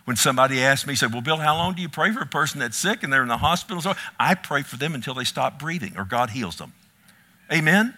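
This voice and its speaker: A middle-aged man preaching a sermon as pastor. His voice is bright and forceful, at a middle pitch. He moves from loud, ringing calls to soft, hushed storytelling. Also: expressive, fast, few pauses.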